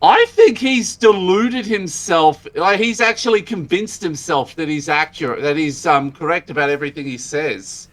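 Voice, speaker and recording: Man, podcast co-host, casual chat, agreeable, slightly high voice. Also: moderate pace, hardly any pauses, a bit bright. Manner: agreeable, many short affirmations.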